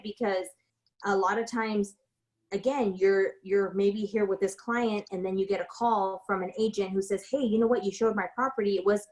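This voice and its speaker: A woman real estate broker walks through a casual tutorial, telling stories from her work. Her ordinary middle-pitched voice has a darkish tone over poor audio, and she rambles chattily with lots of fillers, restarts and self-corrections.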